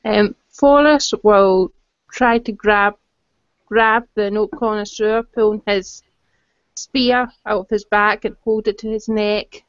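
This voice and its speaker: A woman's voice: mid-range voice, steady tone, slow pace, clean tone, no echo. A woman playing a tabletop game over voice chat, plainly describing her character's actions. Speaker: player. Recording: dry lo-fi voice chat audio.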